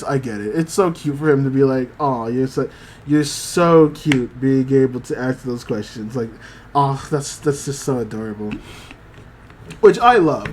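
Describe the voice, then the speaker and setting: A man's voice: a little high, a little hiss or hum. A man hosting a podcast, casually recapping an anime episode, rambling with many fillers. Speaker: podcast host.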